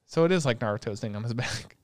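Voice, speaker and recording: A young man in casual chat, retelling anime episodes with lots of swearing, and slipping into quick put-on voices for the characters. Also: mid-range voice, dry recording, clean studio sound. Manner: profane, animated storytelling with quick put-on voices. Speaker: podcast co-host recapping an anime.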